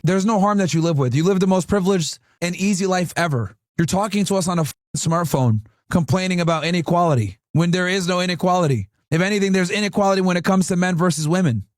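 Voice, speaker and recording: A man's voice: high-pitched, fast talker, few pauses, no room sound, studio quality. Mocking, profane man ranting to chat. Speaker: streamer reacting to a video. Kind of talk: ranting reaction commentary.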